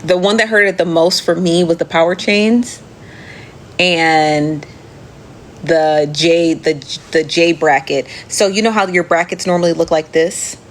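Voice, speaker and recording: Low-voiced woman, chatty and profane. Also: steady tone, a little slow, a little hiss or hum. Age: adult. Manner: chatty, profane, laughs often, talks straight to viewers as "friend". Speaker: live show host reading viewer comments. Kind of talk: casual chat.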